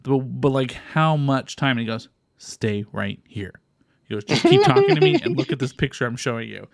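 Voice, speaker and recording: A man from Texas tells a story on a podcast in relaxed, profane chat, acting out the voices of the people he quotes. His pitch swings widely as he talks. The recording is close and dry, with no room sound. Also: quick pace, gravelly, dry recording. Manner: swearing, lively retelling with quoted voices. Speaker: podcast co-host. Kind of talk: casual chat, animated storytelling.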